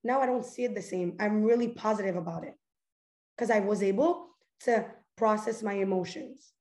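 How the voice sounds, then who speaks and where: At a moderate pace and in a slightly mellow mid-range voice, a young host leads a casual motivational talk. She comes across as goofy, chatty and earnest, leaning on "like" and restarting often, in an echoey space.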